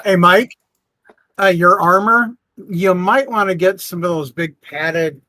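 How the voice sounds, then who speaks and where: Slow, bright-voiced man at the table. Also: high-pitched, no echo. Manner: slow, searching for words. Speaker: tabletop player. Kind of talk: casual game chat.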